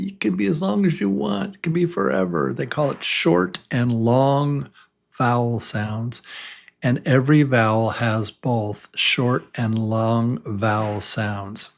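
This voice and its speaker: A man leading a beginner pronunciation class at an extremely slow, deliberate pace. He is patient and stretches out each vowel, says words over and over, and asks simple questions for learners to answer. His pitch sits in the middle range. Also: vocal fry. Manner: very slow, drawn-out vowel demonstrations and repetition. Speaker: ESL teacher.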